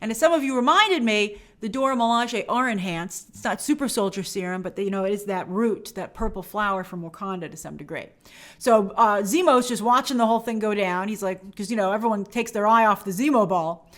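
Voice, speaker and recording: A woman's voice: mid-range voice, a little fast, fairly bright tone. A woman hosting a review show, giving a chatty and enthusiastic breakdown of a TV episode and sometimes acting out the characters' lines. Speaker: film and TV review show host. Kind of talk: casual episode breakdown commentary.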